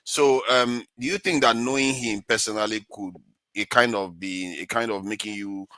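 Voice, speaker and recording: A man's voice: on the low side, moderate pace, a bit bright, dry recording. A male host moderating a heated panel debate, insistent and cutting in to steer the talk.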